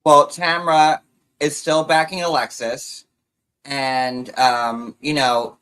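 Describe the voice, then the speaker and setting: A man's voice: mid-range voice, flat delivery, slow, a bit bright, clear, resonant tone, rough recording. A man hosting a live show recap, gossiping animatedly, mimicking the people he quotes, and talking between bites of food on a computer mic. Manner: talks while snacking. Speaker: host.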